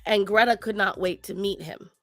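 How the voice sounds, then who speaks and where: A woman co-hosting a casual talk show, speaking to her viewers and giving pet advice in an animated way. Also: medium pitch, moderate pace, dry recording, soft background music. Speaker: co-host. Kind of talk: casual chat.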